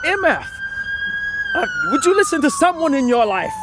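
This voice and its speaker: A man putting on the voice of an irate elderly woman who cusses and rants in high, shrieking bursts. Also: sing-song, moderate pace, very noisy. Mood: furious.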